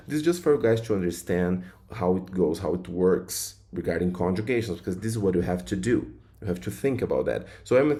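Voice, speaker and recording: Male teacher, low warm voice, relaxed filler-heavy explaining. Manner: loose, repetitive explaining with many fillers. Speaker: language teacher. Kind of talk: explaining grammar to viewers.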